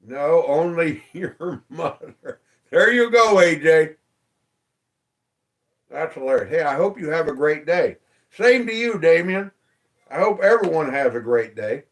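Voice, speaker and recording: A man's voice: a little high, lively intonation, a little slow, long pauses, far from the mic. A man casually hosting a livestream from his phone, greeting viewers by name in an easygoing way. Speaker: livestream host. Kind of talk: casual livestream chat reading comments.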